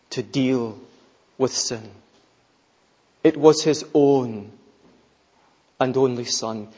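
A man preaching a sermon emphatically, building to fervent peaks and dropping low. The sound is dull and lo-fi in a large church with long reverb. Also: fairly even intonation, slow, pauses often, husky.

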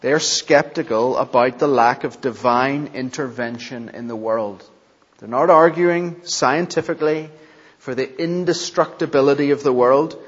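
A male preacher delivers a sermon at a slow, deliberate pace, stressing and repeating key phrases. He often turns to the congregation with questions. His voice rings with the long reverb of a large church, on a dull recording. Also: mid-range voice, husky. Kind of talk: expository sermon.

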